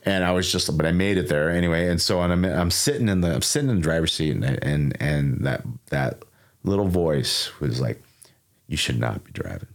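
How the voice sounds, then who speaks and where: A man's voice: deep voice, a little fast. A man in his forties from Illinois, telling a personal story as a podcast guest in a rambling way, repeating words and acting out quotes. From Sauk Valley, Illinois. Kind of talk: casual storytelling.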